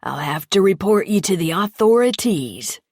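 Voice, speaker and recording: A woman's voice: medium pitch, sing-song, normal speed, a little mellow, no echo, clean studio sound. A woman voicing a mocking, sleazy grown man with a crude, sing-song way of talking in an audiobook thriller.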